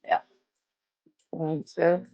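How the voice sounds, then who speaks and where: Speaking very slowly in a dark tone, a young Massachusetts woman with a Massachusetts accent counts her reps aloud and chats with viewers while livestreaming from an indoor gym. The audio is dull, with no room sound.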